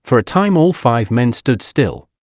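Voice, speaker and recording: A man narrates an audiobook with an expressive, dramatic reading. His pitch rises and falls a great deal. He sits close to the mic in a dry recording with no room sound. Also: a little slow, no room sound.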